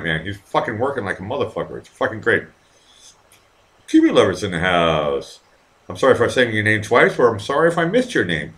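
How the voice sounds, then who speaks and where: A man's voice: fairly low pitch, very animated, a little fast, a bit bright. A man hosting his own live online show, chatting casually to his viewers, rambling and swearing a lot while drinking. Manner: rambling, profane, talks to the chat. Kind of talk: casual live-stream chat.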